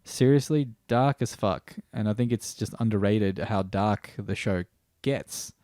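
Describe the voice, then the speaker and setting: With a fairly low, warm voice and an unhurried pace, this Australian guy rambles through a TV series review, swearing offhandedly and restarting his sentences a lot. The studio-quality audio has no room sound.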